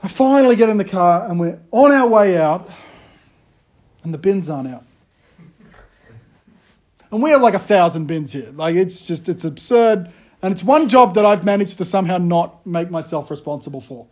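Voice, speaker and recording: A man, preaching a casual, conversational sermon with self-deprecating, animated storytelling. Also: sits high, normal speed, pauses often. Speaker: pastor.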